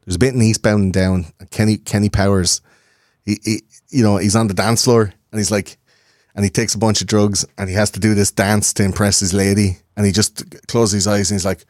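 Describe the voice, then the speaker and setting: A man in his thirties, a podcast guest, talking in a rambling, profane, animated way. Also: on the low side, fairly quick, no room sound, studio quality. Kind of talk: casual conversation.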